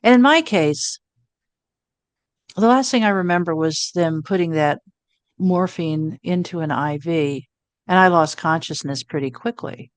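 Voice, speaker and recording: A woman in her sixties telling a personal story as an interview guest, animated, acting out quoted thoughts with self-mocking humor. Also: lowish voice, unhurried, dry recording. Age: 60s.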